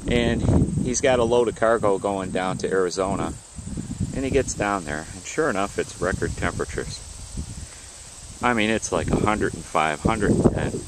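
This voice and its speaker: A man telling jokes in a halting, rambling way, pausing often to search for words. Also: low voice. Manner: rambling, halting storyteller with many "uh"s. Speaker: joke teller. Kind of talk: casual joke telling. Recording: noisy outdoor recording with crickets.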